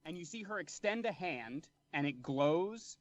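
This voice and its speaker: A young man narrating as game master of a tabletop fantasy game, in relaxed storytelling. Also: on the high side, a little slow, no room sound, lo-fi sound. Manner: relaxed storytelling with brief voiced characters.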